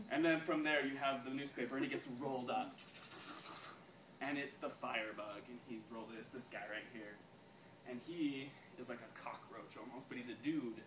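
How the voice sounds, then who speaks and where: A man casually pitching a story to a group, laughing often and restarting his sentences. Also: background noise. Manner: giggly, keeps breaking into laughs; halting, many restarts. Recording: echoey room, far from mic, crowd around.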